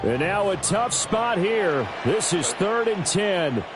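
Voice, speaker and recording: A man calling plays as a football announcer, brisk and punchy, recorded for a video game. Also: high voice, big pitch swings, heavy background noise. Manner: brisk, punchy play calls. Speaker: play-by-play announcer. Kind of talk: scripted sports commentary for a football video game.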